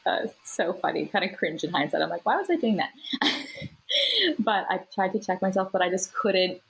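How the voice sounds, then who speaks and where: A woman's voice: medium pitch, sing-song, normal speed, gravelly, fairly bright tone, husky, poor audio. A woman guest on a podcast, telling her birth story in a casual, chatty way with plenty of fillers and laughs.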